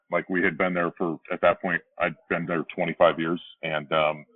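A man with a very deep, low voice, speaking in a rambling, self-deprecating way as a guest on a casual podcast. The sound is thin and narrow, like it is coming down a phone line. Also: level tone, brisk, few pauses, no room sound. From Pennsylvania, USA. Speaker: baseball broadcaster.

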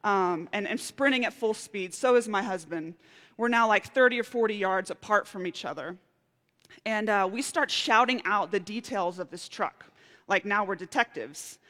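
A woman preaching a sermon, telling a personal story with lively, animated outbursts. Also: medium pitch, moderate pace. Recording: reverberant hall.

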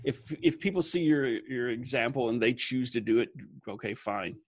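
A man in a casual group chat, ranting with lots of swearing and a lively, joking manner. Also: mid-range voice, moderate pace, no room sound, clean studio sound. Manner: profane, animated ranting.

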